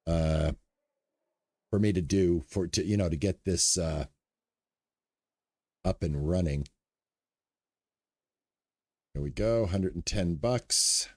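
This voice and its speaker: Man, gaming streamer, unhurried, dry close sound, casual live chat with viewers. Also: low voice, no room sound. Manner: relaxed, chats with viewers between game remarks. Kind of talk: live stream commentary while playing.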